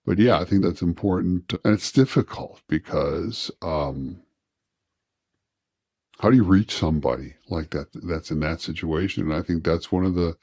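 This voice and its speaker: Man, very low voice, dry close sound; candid interview guest, thoughtful and halting. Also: darkish tone, no echo. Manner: reflective, halting, with restarts.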